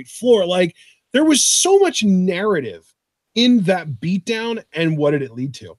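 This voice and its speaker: A man with a slightly higher voice picks apart the storytelling in calm casual chat. The sound is dry and close, with no room echo. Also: a little slow. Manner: critical, explanatory, agreeing with co-host. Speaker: wrestling podcast co-host.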